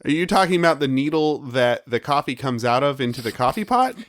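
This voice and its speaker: A man's voice: mid-range voice, expressive, a little fast, no room sound, studio quality. A man co-hosting a comedy podcast, joking and acting out silly bits in casual chat. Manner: jokey, acts out silly bits. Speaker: podcast co-host.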